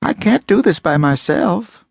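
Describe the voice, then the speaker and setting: A man's voice: high-pitched, animated, measured pace, creaky, slightly rough, no echo, voice pushed up, full character voice. A man voicing a pleading homeless woman. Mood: desperate. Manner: begging, whimpering pleas.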